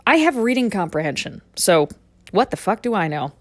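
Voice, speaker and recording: A woman's voice: medium pitch, very animated, moderate pace, dry recording. A woman hosting a podcast, delivering a sarcastic, profane comic rant about her life on a small farm. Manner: sarcastic, ranting, swears freely. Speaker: podcast host.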